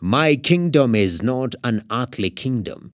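A man reading aloud as a calm, solemn male teacher, speaking in a measured way. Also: mid-range voice, no echo, studio quality, lightly acted.

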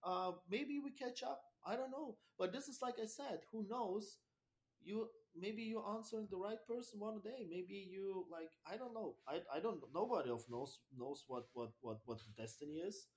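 Animated German man, slightly high voice. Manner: animated, swearing, halting non-native phrasing with many restarts. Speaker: podcast guest, dog trainer. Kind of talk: casual interview chat.

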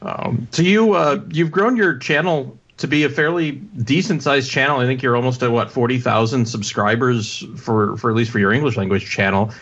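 A man's voice: medium pitch, normal speed, hardly any pauses, a bit bright, slightly rough. A man hosting a podcast, talking casually and rambling through restarts. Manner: rambling, many fillers and restarts. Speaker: podcast host. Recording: dull lo-fi sound.

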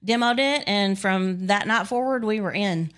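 A woman's voice: medium pitch, moderate pace. Chatty laughing woman in her fifties. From Texas. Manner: chatty, laughs often, self-teasing. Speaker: guest. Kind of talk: casual interview chat.

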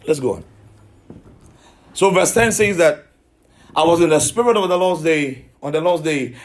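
A man's voice: on the high side, animated, normal speed. A man preaching a sermon, emphatic, repeating himself and asking his listeners questions.

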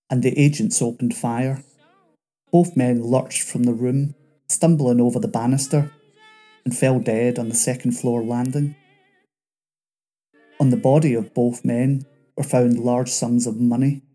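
A man reading a scripted true-crime narration in a measured, dramatic way. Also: mid-range voice, steady tone, dark tone, faint music behind.

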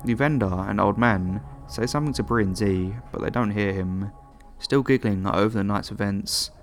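Low-voiced man narrating horror stories. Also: normal speed, soft background music. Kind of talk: scripted horror story narration.

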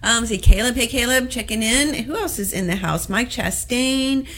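A woman's voice: a little high, normal speed, fairly bright tone. A woman co-hosting a live podcast, cheerfully reading out viewer names as they check in. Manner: reads viewer names aloud, cheerful, with frequent mm-hmms. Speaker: podcast co-host.

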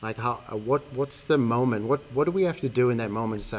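A man's voice: medium pitch, quick pace. A man in a casual faith discussion who asks searching questions, repeats phrases and laughs easily.

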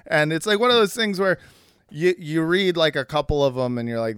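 A man rambling through a casual, comedic chat, full of fillers and quick laughs. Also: fairly high pitch, a bit bright, smooth, dry recording, studio quality.

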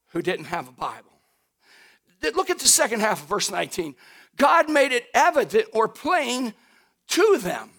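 Man, pastor, sermon, very high voice, lively swings in pitch, folksy, shouts at peaks. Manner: animated preaching, rising to shouts at high points; folksy, addresses the congregation directly.

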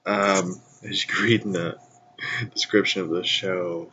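Groggy deep-voiced man, stuffy nose. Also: little pitch movement, measured pace, bright, forceful tone, lo-fi sound, slight background noise. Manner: rambling, laughs often, trails off. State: groggy, just woke up. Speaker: podcast host. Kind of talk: casual solo podcast chat.

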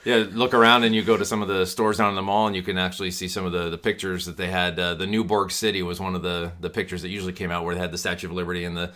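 A man with a low, bright-edged voice talks in a relaxed podcast chat. He rambles happily through his memories, leaning on plenty of "uh" and "you know". His delivery stays friendly and conversational. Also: racing, few pauses. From from Sacramento area. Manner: enthusiastic, rambling with many fillers. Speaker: podcast guest. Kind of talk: casual chat.

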